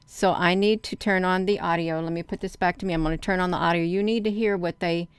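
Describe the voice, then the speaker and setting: A woman's voice: fairly low pitch, steady tone, fast talker, smooth, dry recording. A woman hosting a livestream, talking urgently and emphatically to her viewers and answering their comments as she goes. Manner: urgent, emphatic, addresses viewers as "you all". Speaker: livestream host.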